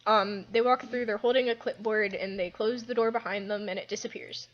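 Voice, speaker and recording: A woman's voice: medium pitch, steady tone, fairly quick. Young woman game master, slightly muffled mic. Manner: casual, hesitant narration with fillers. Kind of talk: narrating a tabletop game over voice chat.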